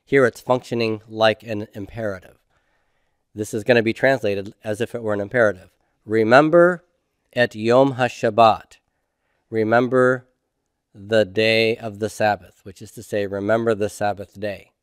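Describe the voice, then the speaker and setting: A man's voice: on the low side, fairly even intonation, moderate pace, clean tone, no room sound. Patient man teaching, dry close sound. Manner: patient, asks questions and answers them himself. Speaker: Hebrew instructor. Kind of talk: homework review lecture.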